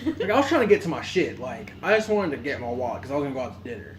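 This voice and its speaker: A man co-hosting a podcast, telling a story in an animated, profane way, laughing and acting out what people said. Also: medium pitch, rapid-fire, echoey room, a little hiss or hum. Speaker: podcast co-host. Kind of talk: casual storytelling among friends.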